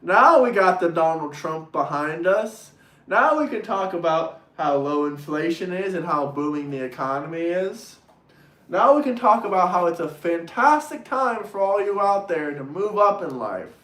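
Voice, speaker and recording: A man hosting a political livestream, ranting in a mocking, crude, sarcastic way and mimicking opponents in shrill voices. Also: animated, normal speed, a bit bright, roomy sound. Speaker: livestream host reading super chats.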